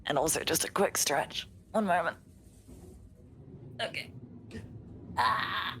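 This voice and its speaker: Brief: woman streamer, tired and giggly, low-pitched voice, faint ambient hiss, drifts into whispers. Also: lively intonation, slow pace. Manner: laughs often, drifts into soft whispers. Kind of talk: casual chat reading viewer comments.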